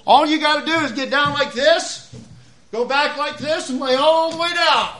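A man, preaching a sermon in a folksy, animated storytelling way. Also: very high voice, normal speed. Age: 50s. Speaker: lay preacher.

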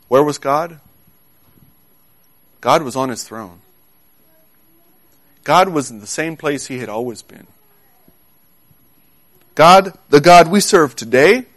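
A man delivers a sermon in a fairly high voice. He speaks earnestly and with emphasis, repeating key words for weight. When he reads scripture aloud, he slows down. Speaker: preacher.

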